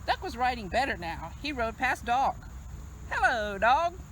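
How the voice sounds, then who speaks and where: A librarian reading a picture book aloud to children in an expressive, sing-song storytelling manner. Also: female voice, on the high side, normal speed, a little hiss or hum, rough recording. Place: library video recording.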